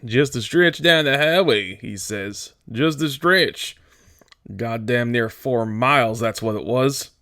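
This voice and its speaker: A man voicing a small, irritable male ranch hand who scolds in a gruff, exasperated way. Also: medium pitch, animated, takes it slowly, few pauses, sharp tone, no echo, studio quality, pitched above the performer's own voice. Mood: scolding.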